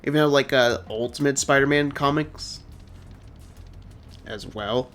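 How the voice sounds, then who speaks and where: A man's voice: medium pitch, a little slow, a bit bright. A young man streaming a game, chatting casually and rambling as he answers chat. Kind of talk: casual let's-play commentary.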